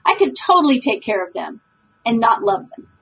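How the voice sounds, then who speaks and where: Earnest breathy woman, slightly high. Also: big pitch swings, moderate pace, a bit bright, low-quality recording. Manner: earnest, emphatic, coaching tone. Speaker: podcast co-host. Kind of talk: casual chat.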